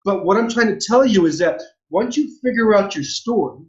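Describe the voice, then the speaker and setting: A man's voice: sits high, lively intonation, fairly quick, reverberant. A man in his forties from Southern California, a former pro baseball player telling his life story as an interview guest in an earnest, repetitive way, often restarting his phrases. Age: 40s. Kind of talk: heartfelt personal storytelling. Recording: dull lo-fi audio.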